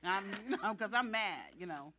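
A woman preacher telling a personal testimony in a sermon, animated and acting out the dialogue. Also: medium pitch, normal speed.

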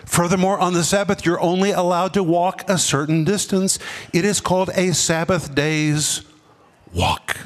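A man's voice: sits high, fairly even intonation, normal speed, big-room sound. A man preaching a sermon as pastor, emphatic, repeating words and dropping his voice for effect. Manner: preaching with sudden drops and emphatic repetition. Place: church.

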